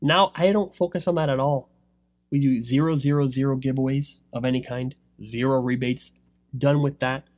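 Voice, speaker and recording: A man giving a rambling motivational talk about online selling, swinging between loud pushes and low asides. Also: steady tone, moderate pace, no echo. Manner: rambling, filler-heavy. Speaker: online seller coaching others.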